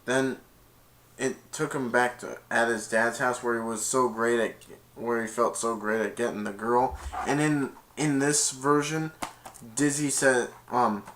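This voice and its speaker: A man casually retelling a movie's plot in a rambling, excitable way, acting out the lines. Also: mid-range voice. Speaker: movie reviewer.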